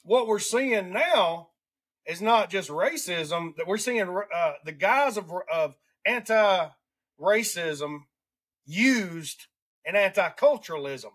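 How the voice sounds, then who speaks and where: A man's voice: sits high, animated, a bit bright, breathy edge. A man from Alabama with a Southern accent, hosting a casual podcast chat and rambling through his points with frequent restarts. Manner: rambling, restarts often, drawn-out emphasis. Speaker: podcast host.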